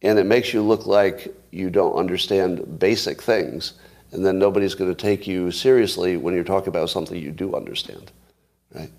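A man's voice: deep voice, normal speed, a little mellow. A man in his sixties hosting a casual livestream, talking straight to his viewers and often restarting with repeated words. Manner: conversational, talks to live viewers, repeats words when restarting. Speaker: podcast host.

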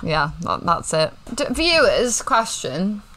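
Bright-voiced playful woman co-host. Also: medium pitch, very animated, slow. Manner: playful, laughs often, breaks into song. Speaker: podcast co-host. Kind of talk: casual chat.

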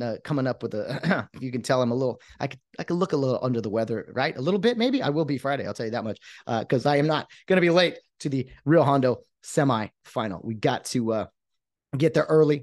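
A man's voice: medium pitch, darkish tone, dry recording, clean studio sound. A man hosting a podcast, talking in a fired-up, emphatic way that rambles with restarts. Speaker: podcast host. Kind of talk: excited podcast monologue.

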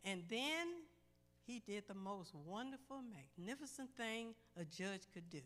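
A woman's voice: mid-range voice, big pitch swings, measured pace, a bit bright. A woman pastor preaching a fervent gospel sermon, repeating and building her phrases. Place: church sanctuary. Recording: church hall reverb with faint music.

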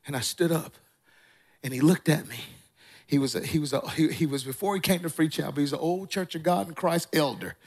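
A man's voice: on the high side, fairly quick. A man in his forties preaching a sermon, telling a personal story and quizzing the congregation as he goes. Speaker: pastor.

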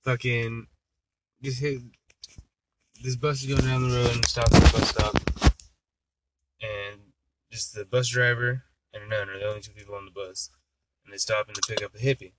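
A man's voice: mid-range voice, steady tone, normal speed, long pauses, heavy background noise. A man co-hosting a casual podcast who tells jokes in a rambling, profane way with many fillers. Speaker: podcast co-host. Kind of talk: casual chat and joke telling.

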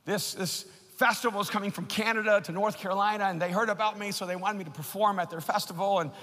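A man preaching a sermon and telling a personal story, growing impassioned and building to shouts. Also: high voice, steady tone, fast talker. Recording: long hall reverb.

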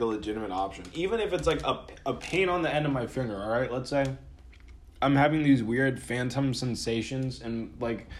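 A man talking casually in a rambling, profane monologue, full of fillers and restarts, his throat sore and dry from a cold. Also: medium pitch. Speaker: podcast host.

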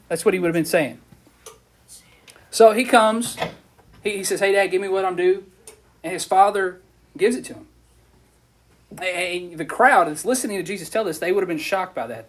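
A preacher with a high, husky voice delivers a casual sermon to a youth group in a relaxed, animated style. He keeps listeners engaged through questions and quick asides.

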